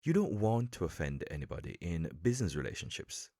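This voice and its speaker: A man hosting a podcast lesson for English learners, explaining in a calm, measured way with emphatic pauses. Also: sits low, no echo, studio quality. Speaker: podcast host and English coach.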